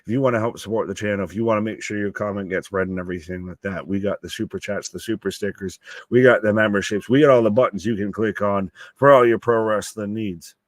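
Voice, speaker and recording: A man's voice: on the low side, fairly even intonation, fast, no echo. A man co-hosting a live wrestling watch-along stream, chatting casually in a rambling, jokey way and swearing freely.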